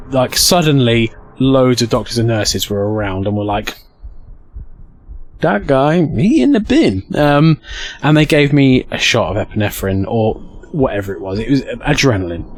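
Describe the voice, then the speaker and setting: A man's voice: mid-range voice, normal speed. A man telling a rambling, jokey personal story in a casual way. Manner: animated, rambling, jokey, swears.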